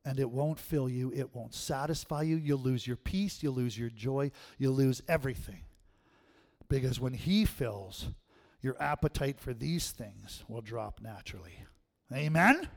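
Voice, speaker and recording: A man preaching a sermon, telling stories in an animated way and laughing often. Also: medium pitch, unhurried, vocal fry.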